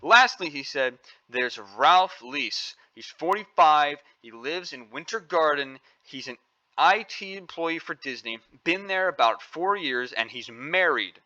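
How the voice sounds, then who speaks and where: A man's voice: fairly high pitch, lively intonation, measured pace, pushed and bright, muffled recording. A man giving opinionated, indignant news commentary, stressing points by repeating phrases. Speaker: commentary vlogger.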